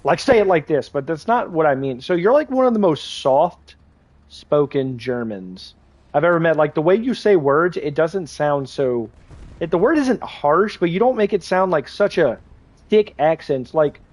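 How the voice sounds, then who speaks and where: A streamer chatting loosely over his game, a man with a higher voice who keeps starting sentences over and filling gaps with "like". The sound is close and dry, with no room around it. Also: big pitch swings, a little slow, darkish tone, dry recording. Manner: rambling, heavy use of "like", many restarts. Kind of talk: casual chat while gaming.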